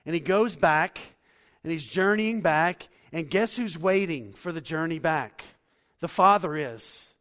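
A middle-aged male pastor preaching a sermon, animated, swinging from loud to hushed. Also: fairly high pitch, unhurried. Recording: long hall reverb.

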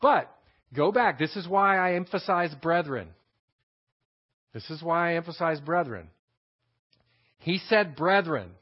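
Texan preacher guy breaking down greek words, says stuff twice, kinda muffled old recording. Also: fairly high pitch. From Texas. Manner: repeats key phrases, explains Greek words. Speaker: pastor teaching scripture. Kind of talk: expository Bible teaching. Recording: dull lo-fi sermon recording.

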